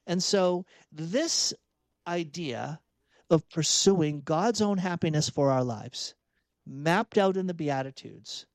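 A man's voice: fairly high pitch, no room sound. A man giving an earnest, emphatic spoken reflection on Catholic faith, repeating phrases for emphasis. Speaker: Catholic speaker and author.

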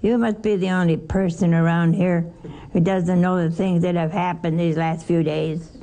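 A woman's voice: lowish voice, little pitch movement, normal speed, warm tone, slight background noise, natural voice. A woman voicing a sour, downcast male disciple in a Bible story, speaking dismissively.

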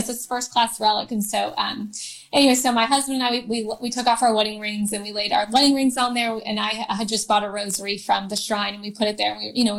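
A woman in her thirties speaks a little high, sharing a personal story as a guest. She talks haltingly, stopping and restarting often, with plenty of fillers. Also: a bit bright, poor audio. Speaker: interview guest.

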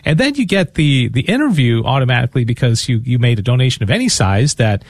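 In a radio studio, a man hosts a fundraiser and makes his appeal in a casual, talkative way, often stumbling over repeated words. His voice is medium in pitch with big swings, he talks fast, and the recording is dry.

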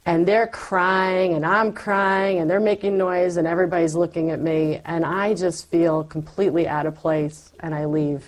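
A middle-aged woman telling her faith story in a candid, animated conversation, acting out her past self as she goes. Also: fairly low pitch, moderate pace, few pauses.

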